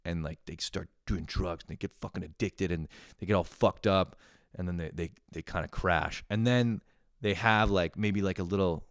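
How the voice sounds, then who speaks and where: Deep-voiced young man rambling profanely. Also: normal speed, no echo, clean studio sound. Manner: profane, rambling, animated when telling stories. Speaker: vlogger. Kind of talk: casual rambling monologue.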